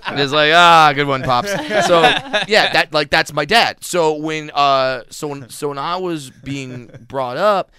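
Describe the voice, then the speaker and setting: A man, a comedian guest, telling stories in a casual interview, animated and laughing, acting out other people's voices. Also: fairly high pitch, unhurried, few pauses.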